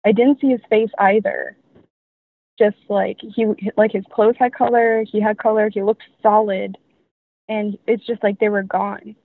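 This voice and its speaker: A woman's voice: medium pitch, little pitch movement, measured pace, dry recording. A young woman telling her story as a guest, rambling with many fillers. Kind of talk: casual storytelling. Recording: tinny dry phone line.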